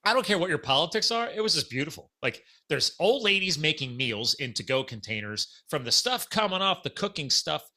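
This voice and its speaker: Pitched on the high side, a little fast and with few pauses, the middle-aged podcast host spins a story in casual conversation. His delivery is animated, and he plays out the quoted dialogue.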